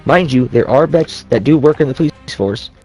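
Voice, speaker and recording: A man in a casual, rambling rant, heavy on swearing and quick restarts. His voice sits at an ordinary middle pitch. Faint music plays softly behind him. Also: lively intonation, low-quality recording. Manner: profane, rambling, with frequent restarts.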